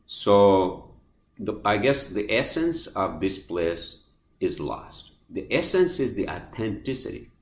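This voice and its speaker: Recorded in an echoey room, this podcast host speaks English with a non-native accent in a lowish, sing-song voice at a slow pace. His casual solo rant is heated and profane, with constant swearing and plenty of repetition.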